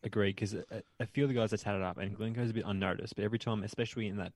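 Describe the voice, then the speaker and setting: A laid-back man steering a casual podcast conversation. His voice sits fairly low. It sounds dry and close to the mic. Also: steady tone, very fast, darkish tone, no echo. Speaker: podcast co-host. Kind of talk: casual chat.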